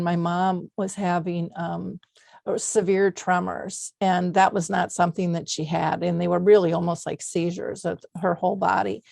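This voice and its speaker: A woman's voice: fairly low pitch, creaky, darkish tone, no room sound, studio quality. A middle-aged woman hosting an interview podcast, telling personal stories in an earnest, heartfelt way with many fillers. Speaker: podcast host. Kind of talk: conversational interview.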